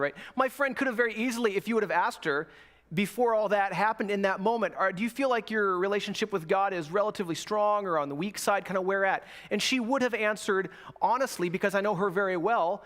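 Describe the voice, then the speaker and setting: A man preaching a sermon, opening with a slow, soft prayer and then telling stories with lively quoted voices. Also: high voice. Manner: animated storytelling with quoted voices. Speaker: guest preacher.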